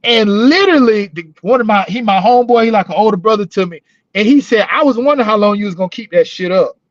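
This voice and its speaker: High-voiced male co-host, rambling and profane, dry dull audio; casual storyteller, prison-work talk. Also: lively intonation, fast, no room sound. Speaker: podcast co-host, former corrections officer. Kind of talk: casual chat.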